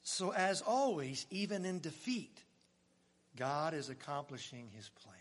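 An older man preaching with a high voice, his delivery swinging from loud, emphatic cries to hushed, almost whispered lines. He drops in chuckling jokes for the congregation, and a long hall reverb trails after his words. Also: sing-song, measured pace. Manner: jokey asides with chuckles to the congregation. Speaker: pastor. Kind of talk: sermon.

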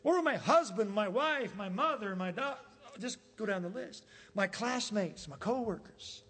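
A man's voice: sits high, animated, moderate pace, a bit bright, big-room sound. A man preaching a sermon as pastor, emphatic, asking the congregation rhetorical questions. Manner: emphatic, rhetorical questions, acts out quoted voices. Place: church sanctuary.

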